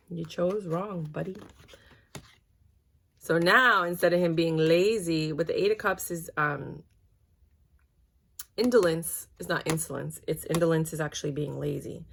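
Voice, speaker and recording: A woman's voice: low-pitched, normal speed, gravelly, long pauses, slight background noise. A woman giving a casual tarot reading, talking dramatically and acting out what the people in the cards might say, with slangy asides. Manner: dramatic, acts out quotes, slangy. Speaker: tarot reader.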